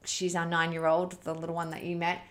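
A woman's voice: lowish voice, monotone, a little fast. Earnest woman hosting a parenting chat. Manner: earnest, heartfelt, conversational. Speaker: host of a parenting challenge. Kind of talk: casual storytelling to an online audience.

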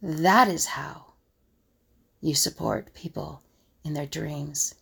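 Low gravelly woman, kinda husky, coach type thinking out loud. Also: takes it slowly. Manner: musing, acts out others' scoffing remarks. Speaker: conflict resolution coach. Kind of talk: reflective solo monologue.

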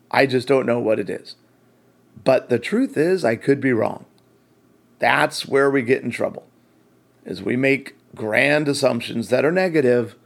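A man's voice: medium pitch, vocal fry. A man hosting a faith-based marriage talk, telling a story with acted-out quotes and self-deprecating humor. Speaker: host.

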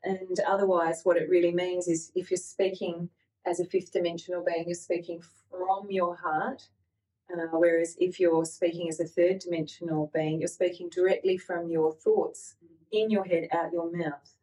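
A woman's voice: fairly low pitch, little pitch movement, moderate pace, dark tone, distant mic, poor audio. A woman co-hosting a spiritual podcast, explaining things step by step for listeners. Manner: explanatory, adds points for listeners. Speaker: podcast co-host.

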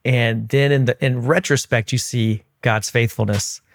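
A man's voice: medium pitch, steady tone, measured pace, gravelly, no room sound, studio quality. A man hosting an interview, asking questions and affirming his guest in an encouraging way. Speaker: podcast host. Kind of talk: interview conversation.

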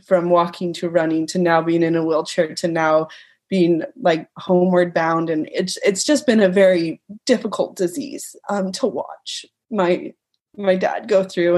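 A woman's voice: medium pitch, a little mellow. A young woman in casual conversation, heartfelt and emotional, hesitating with many ums.

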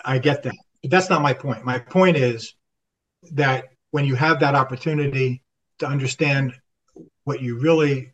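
A man's voice: medium pitch, far from the mic, lo-fi sound. An older man, a retired army officer guest on a podcast, telling a story in conversation and acting out the dialogue with frequent restarts.

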